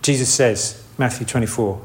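A man's voice: mid-range voice, moderate pace, slight background noise. Casual male preacher, rambling sermon, mid-range voice. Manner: conversational, rambling with restarts and asides. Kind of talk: informal sermon.

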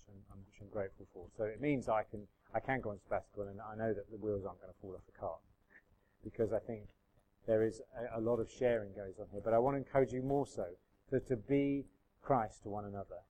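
A man giving a conversational sermon as the pastor, slowing down to read scripture aloud. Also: lowish voice, dark tone, rough recording. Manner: conversational preaching with fillers, slows and lifts his voice when reading scripture.

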